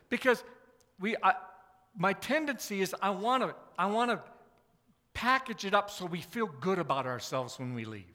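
Guy preaching, high bright voice, chatty and self-deprecating, lots of restarts, long church echo. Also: very animated, normal speed. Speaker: pastor. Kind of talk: sermon. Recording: long reverb of a church hall.

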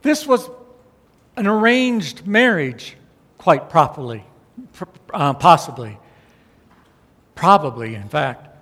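A man's voice: fairly high pitch, animated, slow, long pauses, fairly bright tone, long reverb tail. A man giving a conversational sermon as a pastor, often checking in with the congregation by asking "okay?" and "all right?". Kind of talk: sermon with Bible teaching.

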